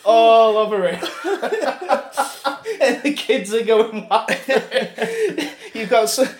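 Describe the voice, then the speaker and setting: A man's voice: very high-pitched, very slow, roomy sound. A man, co-hosting a comedy podcast and telling silly made-up stories while laughing often. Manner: giggly, acts out a showman and excited kids in his stories. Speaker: podcast co-host. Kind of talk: comedic storytelling chat.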